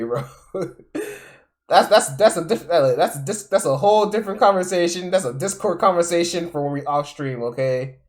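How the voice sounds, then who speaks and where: A man, talking loosely on a live stream as he reacts to a clip. His voice leaps up and drops low as he repeats himself in disbelief, and his talk is exasperated and profane. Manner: exasperated, repetitive, profane, swings loud and soft. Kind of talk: casual live-stream commentary.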